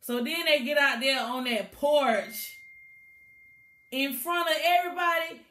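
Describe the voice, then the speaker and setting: A woman recapping a TV episode in a casual, animated way, laughing and acting out the scenes as she goes. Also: high-pitched, slow pace, roomy sound. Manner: animated, chatty storytelling with bursts of laughter. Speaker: TV show reviewer.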